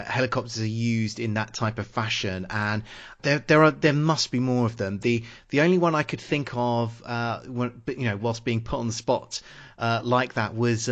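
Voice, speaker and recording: A man hosting a casual film-review podcast, reading his setup smoothly but halting with many fillers and restarts when speaking off the cuff. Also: mid-range voice, lo-fi sound. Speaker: podcast host.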